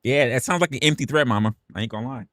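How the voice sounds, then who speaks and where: A man's voice: medium pitch, rapid-fire, fairly bright tone, no room sound, studio quality. A young man from New City, ranting animatedly and jokingly on a livestream. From New York City. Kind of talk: casual livestream rant.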